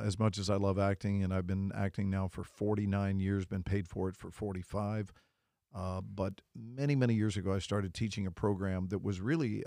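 Low-voiced, animated older actor. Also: male voice, vocal fry, no room sound, studio quality. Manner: animated storyteller who slips into voices. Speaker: actor and inspirational speaker, guest. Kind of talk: casual interview chat.

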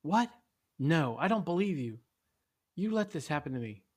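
A man voicing a tearful young boy who pleads in a high, strained voice. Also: animated, normal speed, close to an everyday voice. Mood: defiant.

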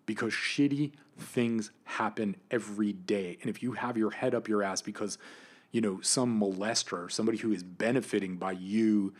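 A man hosting his own podcast, ranting with anger and frequent swearing, swinging between loud outbursts and quiet asides. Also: fairly low pitch, steady tone, moderate pace. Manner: angry, emphatic, swears often, swings between loud and soft. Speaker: podcast host. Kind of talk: impassioned solo podcast rant.

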